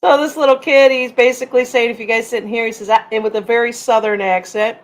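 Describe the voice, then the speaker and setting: A middle-aged woman runs a casual livestream, talking fast in a fairly high, steady voice. She rambles and chats, reading viewer comments aloud as she goes.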